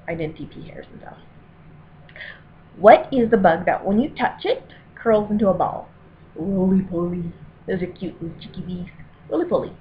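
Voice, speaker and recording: A woman from Colorado with a Denver accent, chatting casually to camera as she reads an accent-tag word list and makes rambling, self-deprecating asides. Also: mid-range voice. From Colorado, USA. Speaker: vlogger doing an accent tag. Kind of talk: casual reading and chat to camera. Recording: very tinny, lo-fi with faint hiss.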